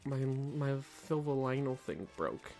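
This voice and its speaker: A man's voice: medium pitch, expressive, a little slow, creaky, over music. A man streaming a game, giving goofy, rambling commentary and stories with frequent restarts. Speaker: gaming streamer. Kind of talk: casual gameplay commentary.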